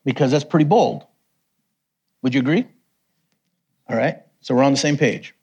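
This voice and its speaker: A middle-aged man delivers a sermon full of personal stories. His voice is slightly husky and breathy at a medium pitch. He acts out the people in his stories with a jump in pitch. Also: moderate pace. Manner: animated storyteller, raises pitch for quoted voices. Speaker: missionary preacher. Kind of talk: sermon testimony storytelling.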